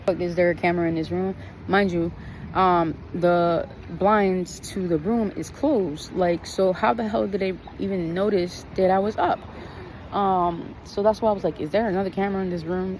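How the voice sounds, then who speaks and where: A woman with a slightly low voice vents in a casual vlog, blunt and full of swearing. She talks outdoors, with faint traffic behind her. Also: fairly even intonation, normal speed, darkish tone, low-quality recording. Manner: blunt, profane, venting. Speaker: vlogger.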